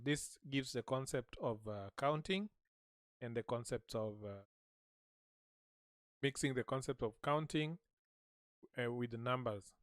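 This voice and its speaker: A man teaching a language lesson, saying short phrases slowly and repeating them so listeners can echo him. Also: medium pitch, studio quality.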